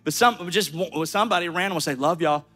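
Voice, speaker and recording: A man with a Southern US accent preaching a sermon, talking directly to his listeners with quick asides. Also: high voice, sharp tone, breathy edge. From American South. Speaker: pastor.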